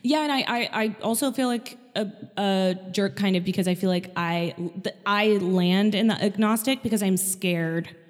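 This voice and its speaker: A woman's voice: medium pitch, normal speed, hardly any pauses. A young woman chatting casually, hesitant and stammering, with frequent laughter. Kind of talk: casual chat. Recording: long hall reverb.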